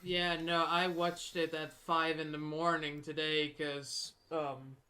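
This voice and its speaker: A man with a notably high voice speaks slowly in a casual podcast chat. He keeps his remarks blunt and short, often just brief agreements. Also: flat delivery, sharp tone. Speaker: podcast co-host. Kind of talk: casual movie discussion.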